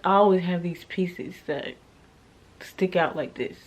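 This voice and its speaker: Animated young woman telling a storytime. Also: on the low side, measured pace, lo-fi sound. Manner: animated, swings from loud outbursts to hushed asides. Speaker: vlogger. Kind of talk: casual storytime chat.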